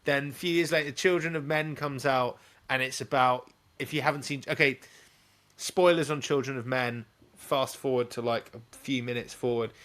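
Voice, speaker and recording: A man's voice: mid-range voice, fairly even intonation, moderate pace, fairly bright tone. Chatty man hosting a podcast. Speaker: podcast host. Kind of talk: casual film discussion.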